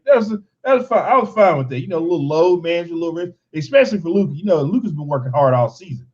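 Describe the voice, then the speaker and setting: Fan show host, man, slightly high voice, exasperated joking delivery, dull lo-fi recording. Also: animated, rapid-fire, few pauses, darkish tone. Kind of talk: casual sports chat with highlight commentary.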